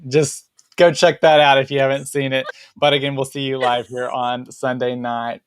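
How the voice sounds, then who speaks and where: Smooth-voiced man with a country accent. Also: medium pitch, little pitch movement, normal speed. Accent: Southern US country. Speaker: podcast co-host. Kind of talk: casual live-stream chat.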